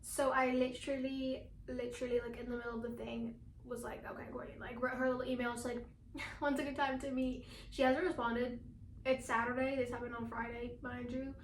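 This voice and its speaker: A teenage girl vlogging in a casual, chatty way, talking fast with lots of fillers and laughing often. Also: a little high, level tone, reverberant, a little hiss or hum. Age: teens. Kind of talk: casual chat.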